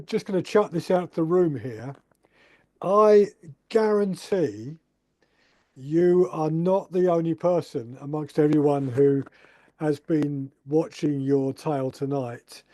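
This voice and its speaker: A man hosting a club talk, chatty and halting, laughing often as he tells his own story. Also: on the high side, mellow, no room sound. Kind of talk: casual chat.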